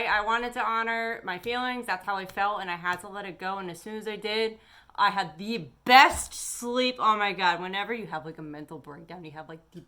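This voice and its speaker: A woman's voice: mid-range voice, pushed and bright. A woman tarot reader giving a chatty, encouraging weekly energy forecast to her camera. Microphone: camera on her face.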